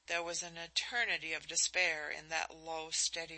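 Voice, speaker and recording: A woman narrating a novel as an audiobook, in a measured, expressive reading. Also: deep voice, low-quality recording.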